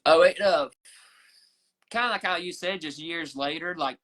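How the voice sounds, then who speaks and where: Fast-rambling Southern man swearing freely. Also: fairly high pitch, fairly bright tone. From rural Southern US. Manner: profane, rambling storyteller with many restarts. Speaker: podcast guest. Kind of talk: casual podcast chat.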